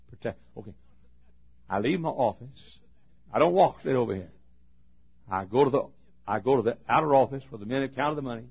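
A man preaching a sermon as a pastor, telling a story with emphatic swings between loud and hushed delivery. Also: medium pitch, husky. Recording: dull lo-fi recording.

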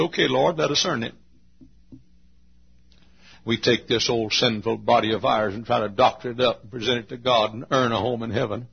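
A man preaching a sermon at a church service, booming into shouts and then dropping to a hush. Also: gravelly, husky, lo-fi sound. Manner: swings from loud shouted quotes to hushed low asides.

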